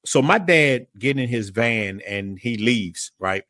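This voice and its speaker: A man, a podcast guest telling a story in a casual, animated way, often repeating words as he goes. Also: medium pitch, slow, no echo. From New Orleans area, USA.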